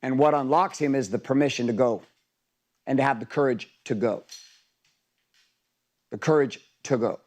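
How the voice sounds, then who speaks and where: A man's voice: medium pitch, moderate pace, long pauses, a little mellow. A man coaching a group in an intense, emphatic motivational talk, swearing freely.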